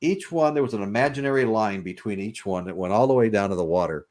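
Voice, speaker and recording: A man's voice: on the low side, animated, fast talker, a little mellow. A man hosting a podcast, telling a long story in a rambling way with restarts. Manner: rambling, with repeated restarts and laughs. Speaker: podcast host. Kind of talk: casual storytelling chat.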